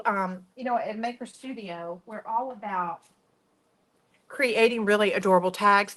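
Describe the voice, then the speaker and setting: A woman's voice: mid-range voice, fairly bright tone. Woman hosting a live soap-making demo, bubbly and talkative. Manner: chatty, enthusiastic, gushing. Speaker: workshop host. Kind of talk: live product demonstration.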